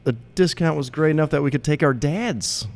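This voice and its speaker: A man in casual chat about his brewery, halting and repeating words as he starts his thoughts. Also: fairly high pitch, creaky. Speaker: brewery co-owner.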